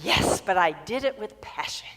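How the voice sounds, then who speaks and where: A woman's voice: mid-range voice, animated, normal speed, noisy background, close to an everyday voice. Mooch, a smug cartoon cat, as a woman tells it. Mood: satisfied. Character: lazy contented male cartoon cat. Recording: long reverb in a hall.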